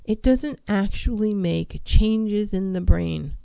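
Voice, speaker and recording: Mellow-voiced woman counselor, emphatic. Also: mid-range voice, slow, vocal fry, clear, resonant tone, dry recording, poor audio. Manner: emphatic, repeats key phrases, asks rhetorical questions. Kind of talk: motivational talk on mental health.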